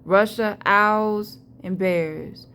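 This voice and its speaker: A woman's voice: medium pitch, extremely slow, fairly bright tone, a little hiss or hum. A woman vlogger, telling a rambling, profane, emphatic story about a vision. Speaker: spiritual vlogger. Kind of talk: casual storytelling monologue.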